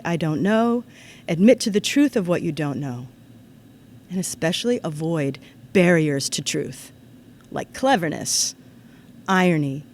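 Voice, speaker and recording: A woman giving a formal ceremony address to students, in an earnest, measured way that turns lively when she tells a story. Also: fairly low pitch, a little hiss or hum. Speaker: ceremony speaker. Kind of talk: formal commencement-style address.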